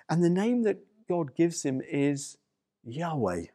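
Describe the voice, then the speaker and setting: A man's voice: on the high side, sing-song, slow pace, dark tone, dry recording, clean studio sound. A man preaching a sermon to people watching at home. He speaks with emphasis and repeats key phrases. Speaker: pastor.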